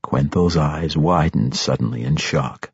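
A man narrating a fantasy audiobook in a steady, measured storytelling voice. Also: extremely low pitch, creaky, breathy edge, dry recording, lo-fi sound.

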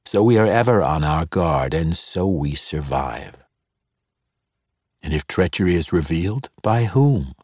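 A sly, teasing dark elf mercenary chief, as a man reading a fantasy audiobook plays him. The voice is extremely deep and unhurried, smooth and amused, recorded close and dry. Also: no echo, heavily acted.

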